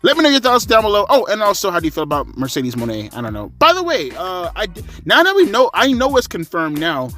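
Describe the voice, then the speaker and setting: A man's voice: sits high, wildly swooping pitch, quick pace, few pauses, pushed and bright, soft background music. A man giving a blunt, rambling spoken review, a bit tired and short of breath. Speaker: wrestling commentary vlogger.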